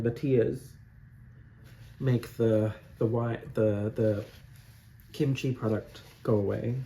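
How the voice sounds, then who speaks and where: A man's voice: medium pitch, creaky, dark tone, a little hiss or hum. A man in drag talking casually and playfully through a makeup tutorial, filmed on a phone camera at home. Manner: playful, giggly and self-mocking. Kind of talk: casual chatty vlog narration.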